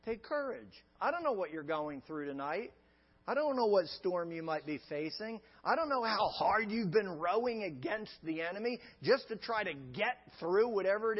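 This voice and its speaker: A man's voice: high-pitched, breathy edge. A male pastor preaching a sermon with an emphatic, repetitive cadence. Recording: dull lo-fi sound with long reverb.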